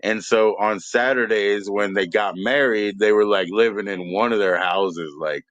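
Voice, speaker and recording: A man's voice: fairly low pitch, measured pace, fairly bright tone, no room sound, muffled recording. A man hosting a live stream, rambling in profane casual chat and laughing often.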